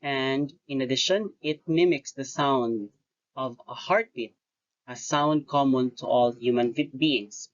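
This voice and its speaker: A teacher talks through a lesson at an unhurried pace, breaking sentences into short phrases. They stop now and then to correct their own wording. The recording sounds dull and lo-fi. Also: mid-range voice. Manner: deliberate, pauses often between phrases, corrects own wording. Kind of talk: recorded lecture-style lesson.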